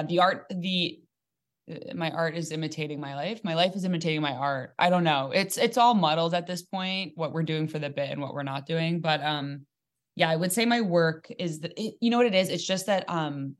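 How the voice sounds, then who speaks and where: A young adult woman comedian telling a dating story in casual podcast chat, animated and joking, with quick asides. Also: low voice. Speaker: comedian guest.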